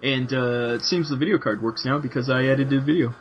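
A man's voice: mid-range voice, fairly quick, muffled recording. A man chatting casually off-air, laughing often. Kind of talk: casual chat.

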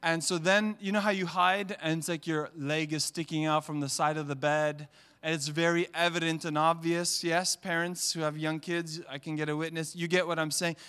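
A man with a high, smooth, resonant voice preaches a sermon to his church. He swells into loud, emphatic peaks and slips into little voices when he tells family stories. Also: fairly even intonation, moderate pace. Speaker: pastor.

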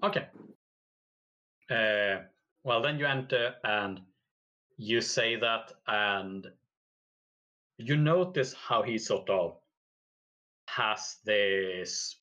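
A man narrating a tabletop game as game master, slow and halting with many fillers. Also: on the low side, sharp tone, rough recording.

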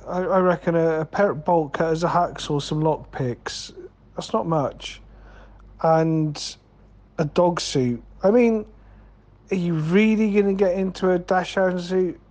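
Slow, rambling man. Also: high-pitched, darkish tone. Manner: rambling, swearing, calls people mate. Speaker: podcast co-host. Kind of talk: comedic banter.

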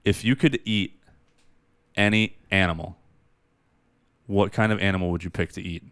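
A man's voice: deep voice, fairly even intonation, moderate pace, a bit bright, clean tone, no room sound. A man co-hosting a podcast in casual chat, rambling through stories and laughing often. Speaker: podcast co-host.

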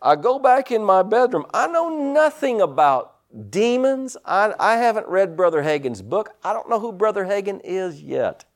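This man's voice sits high and moves at normal speed with few pauses as he preaches, telling personal stories in a lively way and sprinkling in amens and hallelujahs throughout.

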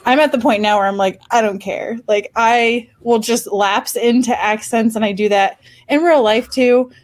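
A woman's voice: on the high side, normal speed, rough recording. A woman game master in a casual panel chat, chatty, laughing often and trailing off into restarts.

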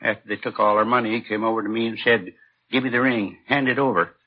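An actor playing an injured bar owner in pain who speaks in a tired, plain way, in a 1950s radio drama. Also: male voice, on the low side, fairly even intonation, fast talker, slightly rough. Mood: weary. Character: injured middle-aged tavern owner, weary and sore. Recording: muffled old radio broadcast with faint hiss.

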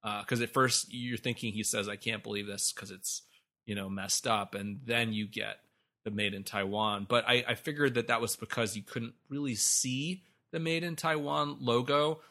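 A man's voice: medium pitch, steady tone, moderate pace, sharp tone. A man co-hosting a podcast, talking animatedly about a movie, laughing often and swearing freely. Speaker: podcast co-host. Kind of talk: casual film discussion.

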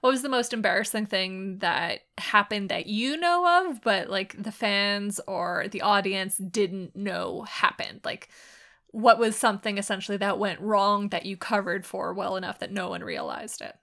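A woman's voice: mid-range voice, moderate pace. A woman co-hosting a podcast in casual chat, telling stories with a frequent "like". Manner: animated storyteller, frequent "like". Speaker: podcast co-host.

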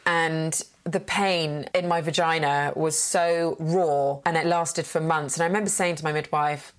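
A woman speaks in a noticeably low voice. She tells her stories frankly and with animation, slipping into the voices of the people she quotes. The tone is that of an unscripted, casual conversation. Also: fairly even intonation, unhurried. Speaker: guest. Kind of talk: candid conversational storytelling.

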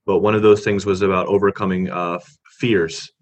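A man talking as an interview guest, relaxed and drifting off on tangents with frequent "you know"s. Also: deep voice, brisk. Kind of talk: casual interview chat. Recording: muffled, lo-fi sound.

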